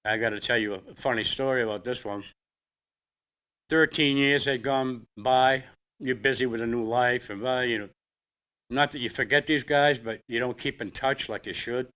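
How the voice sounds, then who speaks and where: An older man with a Boston accent, a veteran telling his own story in a plainspoken, halting way. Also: mid-range voice, sharp tone, clean tone. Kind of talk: personal storytelling.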